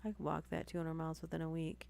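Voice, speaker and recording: A woman's voice: low-pitched, fairly even intonation, fast, vocal fry, darkish tone. A woman hosting a live stream, reading stories aloud and breaking off for chatty asides and apologies.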